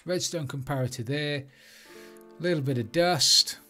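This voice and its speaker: A man's voice: on the high side, moderate pace, bright, forceful tone, soft background music. Chatty Englishman narrating his game build. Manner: chatty, thinks aloud while building. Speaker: Minecraft let's play creator. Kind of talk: casual gameplay commentary.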